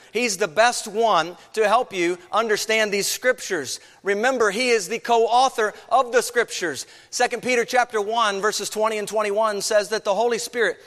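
A man's voice: sits high, a bit bright, in a large hall. A man preaching a sermon as pastor, earnest, with many rhetorical questions.

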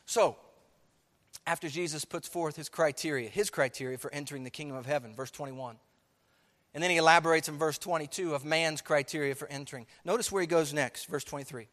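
A man preaching a sermon to his church, emphatic, swinging from soft to loud. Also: fairly high pitch, brisk, big-room sound. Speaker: pastor. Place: church sanctuary.

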